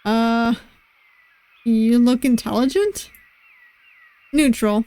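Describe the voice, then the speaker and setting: A woman's voice: fairly high pitch, slow pace, no room sound. A woman streamer reading a visual novel aloud with chatty, amused asides to her viewers, on a close mic. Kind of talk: let's-play commentary and reading aloud.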